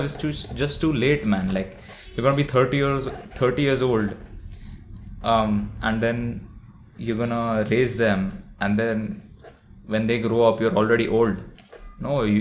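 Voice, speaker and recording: A man's voice: fairly low pitch, a little hiss or hum. A young man giving a blunt, provocative monologue full of rhetorical questions. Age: young adult. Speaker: vlogger. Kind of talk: direct-to-camera monologue.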